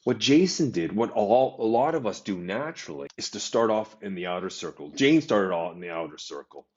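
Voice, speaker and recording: A man delivers a motivational talk with a fairly low voice, pushing hard on key phrases and restarting now and then. The recording is a little dull and lo-fi, as if the top end were cut off. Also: brisk. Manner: emphatic, animated delivery with stressed phrases and restarts. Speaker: speaker giving a talk.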